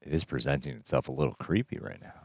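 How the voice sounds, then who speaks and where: A man's voice: very deep voice, animated, quick pace, gravelly, over music. A man co-hosting a movie reaction show, bantering in a playful, teasing way.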